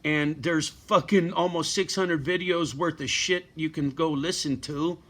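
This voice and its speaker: Middle-aged male vlogger, blunt and profane, surly rant, higher bright tone. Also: steady tone, unhurried. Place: at home with his dog.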